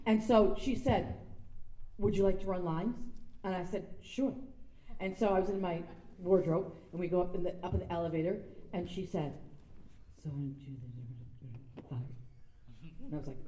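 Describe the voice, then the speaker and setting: A woman's voice: lowish voice, moderate pace, pauses often, dark tone, recorded from a distance, slight background noise. A woman giving a casual speech at an event, chatty and self-deprecating, acting out the quotes in her stories. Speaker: guest speaker. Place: sound stage event space. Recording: echoey room.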